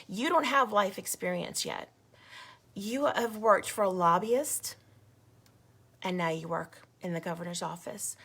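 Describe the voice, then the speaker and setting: Fired-up woman with a bright voice. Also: medium pitch, measured pace, gravelly, slightly rough. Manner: indignant, emphatic, repeats herself. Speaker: grassroots group leader. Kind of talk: impassioned video update.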